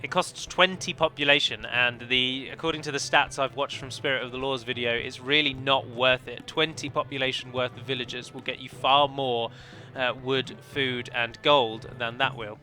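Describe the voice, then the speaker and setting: In this game commentary, a man narrates his own multiplayer strategy match in a chatty, analytical manner, revising himself mid-sentence. He speaks at normal speed with few pauses, his mid-range voice steady and sharp.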